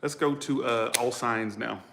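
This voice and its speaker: A man's voice: medium pitch, measured pace, gravelly, a bit bright, a little hiss or hum. A man giving a casual tarot reading to viewers, blunt and profane, chatting straight at his audience. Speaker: tarot reader.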